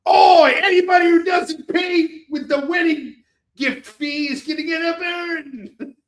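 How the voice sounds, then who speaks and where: A man voicing a rowdy male wedding bouncer with a put-on Australian accent, shouting. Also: very high voice, a little slow, reverberant, pitched above the performer's own voice.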